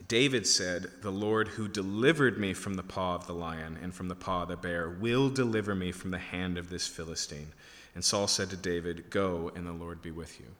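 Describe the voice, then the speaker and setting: A man's voice: on the low side, pushed and bright, long reverb tail. A man preaching a sermon, reading scripture and retelling it in casual, conversational speech. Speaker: pastor.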